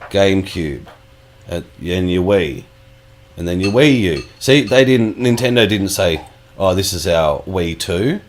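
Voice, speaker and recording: Man, low-pitched, sweary rambling podcast co-host. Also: animated, unhurried, a little hiss or hum. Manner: sweary, rambling, laid-back. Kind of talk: casual chat.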